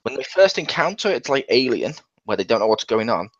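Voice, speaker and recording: A man chatting casually in a film review, joking, swearing freely and acting out scenes in quick little voices. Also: medium pitch, big pitch swings, a bit bright, dry recording. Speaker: movie reviewer. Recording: dull lo-fi dry sound.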